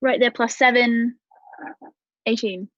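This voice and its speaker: Woman player talking thru her turn, bit high, lots of ums, dull muffled sound. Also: fairly even intonation, takes it slowly, a bit bright, no room sound. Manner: chatty, hesitant with fillers. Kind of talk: tabletop game chat.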